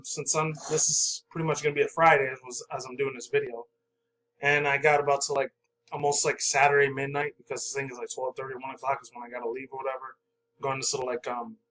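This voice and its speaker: A man's voice: fairly high pitch, a bit bright, low-quality recording. A young adult man hosting a pop culture channel, rambling through news articles in a loose, casual way with lots of fillers and swearing.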